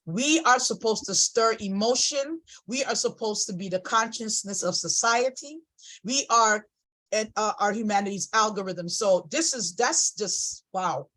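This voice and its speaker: A woman's voice: mid-range voice, unhurried, fairly bright tone, poor audio. A woman hosting an online poetry gathering over a video call, effusive and emotional, with frequent exclamations. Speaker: host of an online poetry event. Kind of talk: casual chat.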